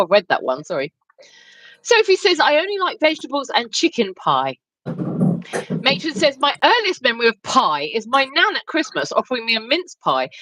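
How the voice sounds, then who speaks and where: A British woman from the United Kingdom co-hosts a livestream, chatty and giggly as she reads viewer comments aloud in casual chat. Her voice is a little high and a bit bright, with no room sound and poor audio quality.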